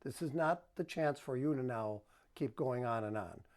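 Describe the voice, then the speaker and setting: A man's voice: medium pitch, moderate pace, a little mellow. A man working as a relationship counselor, giving advice to the camera in a coaching manner and acting out example tones of voice.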